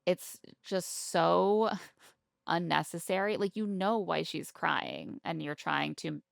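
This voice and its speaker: A woman with a low, gravelly voice talks through a show in a casual podcast chat. She slips into quick impressions of the people she recaps. Her voice sits close and dry on the mic. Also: no echo. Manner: animated, acts out quotes of others. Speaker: podcast co-host.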